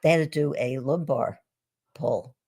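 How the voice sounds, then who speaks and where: A woman speaks in a low, slightly husky voice, recounting her experiences as a guest on a live video call. She talks in a relaxed, conversational way, often restarting her sentences and laughing softly. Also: measured pace. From United States. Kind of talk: conversational storytelling on a live stream.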